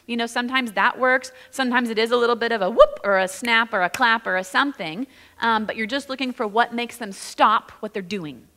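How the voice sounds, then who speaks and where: A woman's voice: on the high side, fairly quick, sharp tone, in a large hall. A woman pastor teaching in a casual, chatty way, full of "like" and "you know". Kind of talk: conversational church teaching. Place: church sanctuary.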